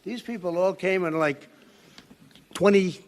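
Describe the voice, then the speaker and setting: A man making halting, repetitive off-the-cuff remarks in a played news clip. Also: high-pitched, over a noisy crowd.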